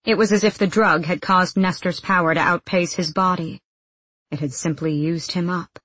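A woman narrates a novel in a steady, measured way. Her voice is low with a husky texture. The recording is close and dry. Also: no echo. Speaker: audiobook narrator. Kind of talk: scripted narration.

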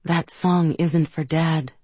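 A woman's voice: sits low, steady tone, slow, darkish tone, husky, no room sound, heavily acted. A woman voicing a tough, blunt older sister who speaks in a direct, indelicate way. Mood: restrained. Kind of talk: audiobook character voice.

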